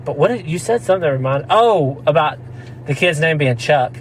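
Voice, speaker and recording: A man's voice: a little high, expressive, a little fast, slight background noise, low-quality recording. A man telling a rambling story in casual chat, laughing often and slipping into mock voices. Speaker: podcast co-host.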